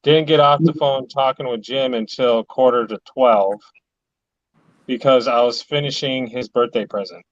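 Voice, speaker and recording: A man chatting casually with friends, telling animated stories full of "like". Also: medium pitch, moderate pace, no room sound, muffled recording. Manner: animated storytelling, peppered with "like". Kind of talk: casual chat.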